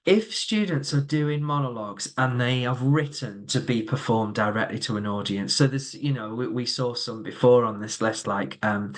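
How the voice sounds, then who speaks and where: A man leading an online training session for teachers, relaxed and conversational, answering their questions with frequent ums and restarts. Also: medium pitch. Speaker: subject advisor leading a teacher training webinar.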